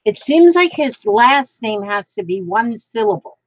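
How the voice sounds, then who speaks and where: A woman's voice: a little high, lively intonation, unhurried, dry recording, highs cut off. A woman vlogging while she crafts, thinking aloud in a rambling way, trying out names and chatting to the piece she is making.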